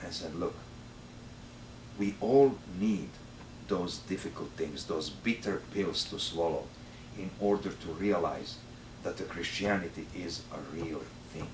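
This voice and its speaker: Serbian accent priest telling a story at a retreat, slightly low voice, acts out the dialogue, distant mic. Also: male voice, a little slow, a little hiss or hum. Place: retreat center hall. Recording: roomy, distant mic in a hall.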